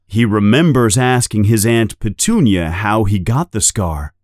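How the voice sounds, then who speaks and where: A man slowly reading a children's story aloud as narrator. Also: fairly low pitch, no room sound, studio quality. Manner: slow, lively storytelling. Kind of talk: slow storybook read-aloud.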